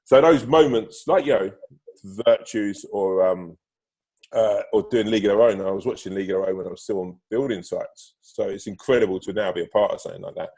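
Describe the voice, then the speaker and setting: Over a remote call with dropouts, a man talks as a podcast guest a little fast, his lowish, darkish voice carrying a breathy edge. He's casual and profane, full of fillers and restarts, and bursts out laughing as he tells stories.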